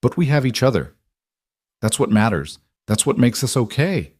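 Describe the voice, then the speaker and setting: A man doing a gentle, reassuring single dad. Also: mid-range voice, sing-song, moderate pace, dry recording, clean studio sound. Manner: tender, reassuring. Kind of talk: storybook narration.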